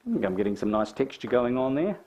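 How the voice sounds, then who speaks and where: A middle-aged man with a New Zealand accent, chatting and thinking aloud as he paints a landscape, self-mocking and relaxed. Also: mid-range voice, fast talker, muffled recording. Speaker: painting tutor. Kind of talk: casual painting tutorial.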